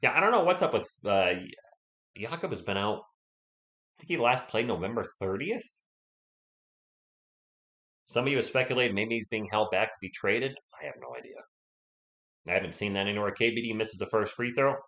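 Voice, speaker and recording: A man's voice: fairly low pitch, lively intonation, moderate pace, pauses often, fairly bright tone. A man with a sore throat and a cough, hosting a casual live play-by-play stream and chatting with viewers between plays.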